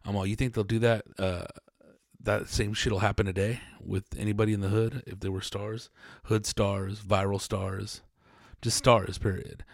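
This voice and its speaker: A man in his forties hosts his podcast in a loose, rambling way, swearing easily as he drifts from one story to the next. His voice sits low and has a gravelly edge. The sound is dry and close, with no room echo. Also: level tone, moderate pace. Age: 40s. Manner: rambling, profane, laid-back storytelling. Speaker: podcast host. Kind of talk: casual podcast chat.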